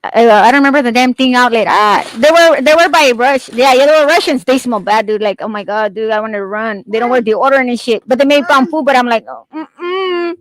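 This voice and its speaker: A woman's voice: on the high side, a little fast, hardly any pauses, slight background noise, poor audio. A woman in a casual chat, talking freely with plenty of swearing and frequent laughter. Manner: chatty, profane, laughs often.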